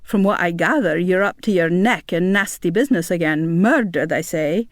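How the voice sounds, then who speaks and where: A woman voicing a jovial male Scotland Yard inspector with a put-on Scottish accent, slow and teasing. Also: no echo, studio quality, natural voice. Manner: slow, teasing, higher than a man's voice. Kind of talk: audiobook character reading.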